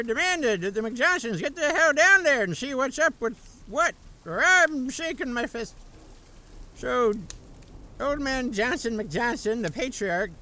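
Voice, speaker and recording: A man's voice: very high voice, slight background noise, heavily acted, poor audio. A man playing a sardonic, folksy uncle who tells bedtime horror stories on a comedy radio show. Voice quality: folksy drawl, dark deadpan asides. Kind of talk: comic radio-show storytelling.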